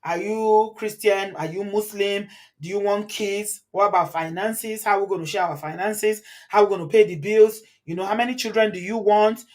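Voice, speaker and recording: A woman's voice: mid-range voice, fairly even intonation, moderate pace, a little mellow. Chatty Nigerian woman host. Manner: chatty, switches into Pidgin and Yoruba, laughs often. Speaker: channel host. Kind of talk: live commentary reading viewer comments.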